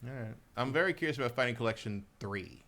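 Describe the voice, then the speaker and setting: Rambling, bright-voiced middle-aged man. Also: mid-range voice, lively intonation, quick pace. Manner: rambling storyteller, swears, frequent restarts. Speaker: podcast co-host. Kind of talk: casual chat.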